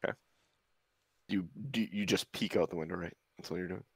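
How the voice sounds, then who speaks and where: A man narrating a tabletop game as game master, halting and searching for words. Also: low-pitched, steady tone, creaky, breathy edge, no room sound.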